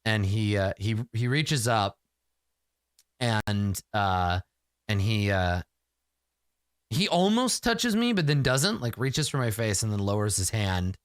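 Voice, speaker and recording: A man with a lowish voice narrates his own solo tabletop game. He talks casually and slowly, hesitating and restarting often, and the recording is dry and close. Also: lively intonation, clear, resonant tone, dry recording. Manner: casual, halting, many fillers and restarts.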